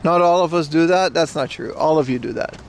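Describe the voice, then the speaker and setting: Brief: young male street streamer, raised pitch, bro-ish profane banter, light traffic noise. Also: brisk. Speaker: livestream host. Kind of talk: casual live-stream chat. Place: outdoors on a city street. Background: faint street and traffic noise.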